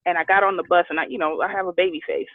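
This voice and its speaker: A woman's voice: fairly low pitch, fairly even intonation, rapid-fire, no room sound. A woman guest telling a personal story in a candid, heartfelt way over a call. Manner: heartfelt, emotional. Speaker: guest author. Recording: tinny phone line.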